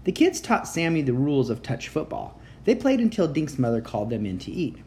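A woman reading a children's chapter book aloud in an expressive, animated way. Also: sits low, brisk, slight background noise. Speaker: reader.

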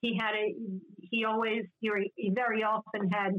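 A woman in casual conversation who talks in a lively way with exasperated asides. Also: medium pitch, moderate pace. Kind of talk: casual chat about classic TV. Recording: dull lo-fi audio.

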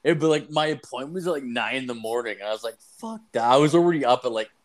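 A young man co-hosting a casual podcast talks rapid-fire in a mid-range voice. He tells a rambling, profane story packed with "like."

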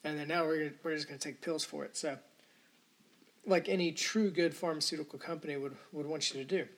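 Guy ranting on his podcast, swears nonstop, rambles all over, voice sits a bit high. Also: fairly even intonation, fairly quick. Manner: profane, rambling, indignant rant. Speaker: podcast host. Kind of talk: ranting solo podcast monologue.

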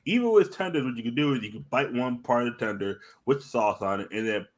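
A man's voice: mid-range voice, quick pace. A man co-hosting a podcast, telling rowdy anecdotes in casual chat, full of swearing and quoted asides. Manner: animated, profane storytelling with quoted asides. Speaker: podcast co-host.

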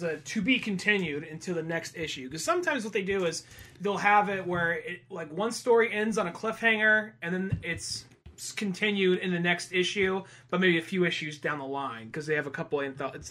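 A man's voice: sits high, pushed and bright. A man co-hosting a podcast, talking in a laid-back, casual way, swearing and trailing off mid-sentence. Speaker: podcast co-host. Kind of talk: casual chat.

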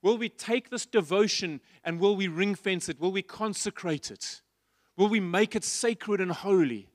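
A man's voice: sits high, no room sound, clean studio sound. A man preaching a sermon in church, passionate and repetitive, asking his listeners rhetorical questions. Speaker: pastor.

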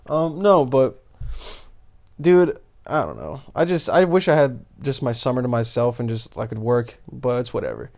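A man's voice: medium pitch, measured pace, darkish tone. A young man hosting a podcast solo, telling crude, rambling stories full of swearing and jokes. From Bosnia. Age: young adult. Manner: rambling, profane, jokey storytelling. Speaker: podcast host. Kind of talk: crude casual monologue.

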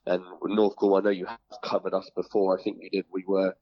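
Very deep-voiced man, dry lo-fi sound. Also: level tone, fast talker, no room sound. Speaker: assistant football manager, guest. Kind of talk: podcast interview.

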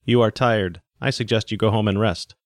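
A man reading a story, voicing a calm male teaching robot that speaks in measured, dutiful sentences. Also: on the low side, no echo, clean studio sound, natural voice. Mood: flat dutiful.

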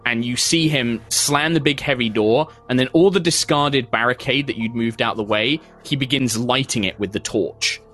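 A man's voice: mid-range voice, moderate pace, few pauses, fairly bright tone, soft background music. A man, narrating a tabletop game as game master with flowing, descriptive speech full of small fillers.

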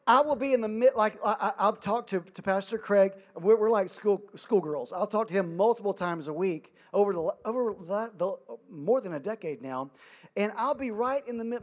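A middle-aged man preaching a sermon, energetic, humorous and self-deprecating. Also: sits high. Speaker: pastor.

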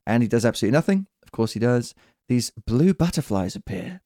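A man hosting a casual podcast chat, lively and acting out quoted lines in little voices. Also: mid-range voice, a little fast, hardly any pauses, no room sound, studio quality. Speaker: podcast host.

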